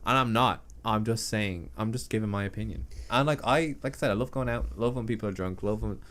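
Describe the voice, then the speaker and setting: A young Irish man co-hosting a casual podcast, chatty and animated, swearing freely. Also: lowish voice, fairly quick. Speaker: podcast co-host. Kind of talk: casual chat.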